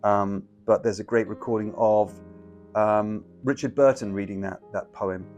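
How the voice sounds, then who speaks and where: Guy chatting thru a poetry lesson, lots of ums, wanders off topic, faint guitar playing underneath. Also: mid-range voice. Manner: chatty and digressive, with many ums. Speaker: poetry teacher. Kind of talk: casual online poetry lesson. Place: indoors, screen-sharing to an online audience.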